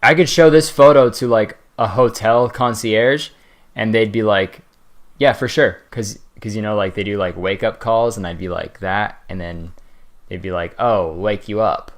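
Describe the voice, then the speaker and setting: A young man in casual comedic roast commentary, rambling and swearing, breaking into laughs and sudden high silly voices. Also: moderate pace, slight background noise. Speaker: commentary host.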